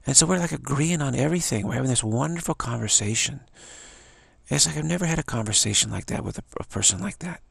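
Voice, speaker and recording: A man's voice: mid-range voice, animated, quick pace, gravelly, fairly bright tone, slightly rough, no echo. An older man musing to camera in a rambling monologue, stammering, repeating himself and asking "isn't it?". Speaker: vlogger.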